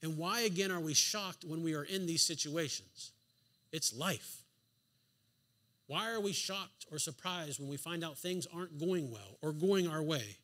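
A man's voice: fairly high pitch, measured pace, bright, forceful tone. A man preaching a sermon in a church, driving home his points with emphatic rhetorical questions and the odd dry sarcastic aside. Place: church sanctuary.

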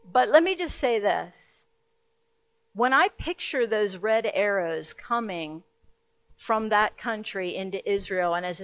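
Woman preacher, middle-aged, emotional, earnest, urgent sermon delivery, stage mic. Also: medium pitch. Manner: emotional, earnest storytelling that grows louder and more urgent. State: hiccups. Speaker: pastor.

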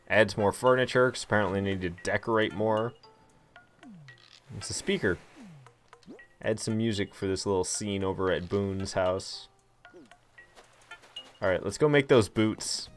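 A man streaming a cozy life-sim game, chatting casually and thinking aloud, laughing easily at what happens on screen. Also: deep voice. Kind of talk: casual gameplay livestream commentary.

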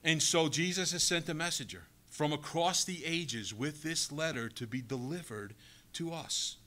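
A man's voice: fairly high pitch, moderate pace, sharp tone. A male pastor giving a sermon, preaching emphatically and asking the congregation rhetorical questions.

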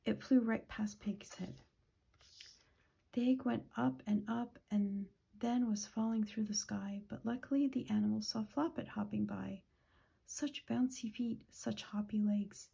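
A woman reading a children's picture book aloud, gentle and often dropping to a whisper, with a husky voice. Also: mid-range voice, steady tone, a little slow. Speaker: children's storytime reader.

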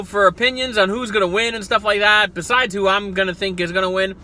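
Speak as a profane, excitable South Jersey guy. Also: extremely high pitch. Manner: profane, excitable, jokey rants. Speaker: wrestling vlogger. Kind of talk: casual ranting commentary. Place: parked car.

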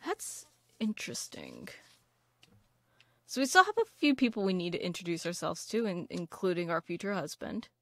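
Playing a video game for her channel, a woman with a fairly low voice and huge pitch swings talks through a rambling, casual let's-play full of fillers and false starts. She speaks at a normal pace, with no echo in the recording.

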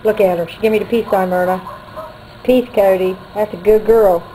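A woman's voice: mid-range voice, steady tone, normal speed, dark tone, a little hiss or hum, low-quality recording. A woman filming home video, talking playfully and coaxing someone in her care. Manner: playful, coaxing sing-song toward a patient. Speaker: family caregiver. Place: clinic and bedroom. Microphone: handheld camcorder.

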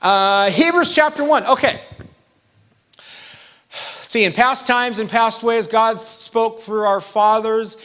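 A pastor delivers a sermon in a high, bright-sounding male voice. He talks like he is chatting with the room, stressing key points firmly and tossing quick questions at the congregation. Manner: conversational, emphatic preaching with asides to the congregation.

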